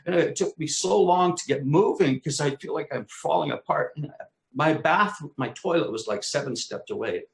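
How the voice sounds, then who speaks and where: Man, animated storyteller, acts out his exclamations, casual swearing, echoey room. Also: a little high, moderate pace, creaky. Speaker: co-host.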